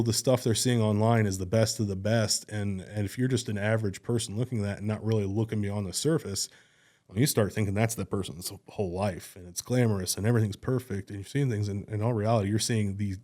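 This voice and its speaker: A man's voice: on the low side, fairly even intonation, a little fast, warm tone. Rambling, earnest man in casual talk. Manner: rambling, restarts often, earnest. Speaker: guest. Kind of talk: casual conversation.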